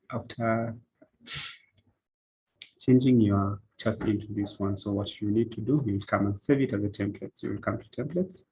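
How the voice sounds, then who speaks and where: Husky gravelly-voiced man explaining trading software. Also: lowish voice, rough recording. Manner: step-by-step, repetitive "so you come" phrasing with "eh" fillers. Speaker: forex trading instructor. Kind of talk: screen-recorded tutorial walkthrough.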